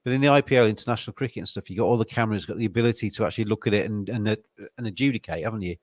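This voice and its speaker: A man's voice: lowish voice, rapid-fire, no echo. A man from England hosting a podcast interview, chatting casually and rambling with many fillers and restarts. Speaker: podcast host.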